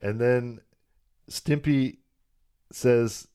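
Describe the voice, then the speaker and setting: A man co-hosting a podcast, recapping cartoon episodes in casual chat with wry, deadpan jokes. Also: on the low side, unhurried. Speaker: podcast co-host.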